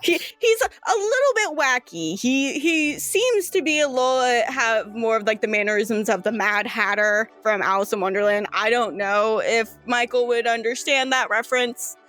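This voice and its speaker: A woman's voice: a little high, moderate pace, few pauses, a bit bright, faint music behind. A woman narrating as game master in a tabletop game, giggly and rambling.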